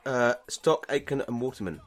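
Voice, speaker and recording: A man's voice: mid-range voice, normal speed, no echo. A middle-aged man co-hosting a podcast in casual banter, dry and teasing. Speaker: podcast co-host.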